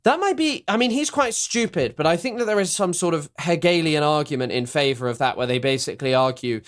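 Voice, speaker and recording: A man's voice: on the high side, lively intonation, a little fast. A young English man chatting casually as a podcast co-host, sardonic and rambling, with many fillers and restarts. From England. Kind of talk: casual political chat.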